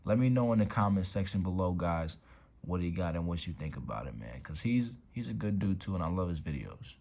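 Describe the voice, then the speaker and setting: A man with a notably deep, low voice hosts a relaxed showcase of his card collection from a room at home. He talks in loose slang, swears casually, and sometimes sinks to a hush while admiring a card. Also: a little fast. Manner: laid-back slangy talk, swears, drops to whispers over cards. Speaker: YouTube card-collection host.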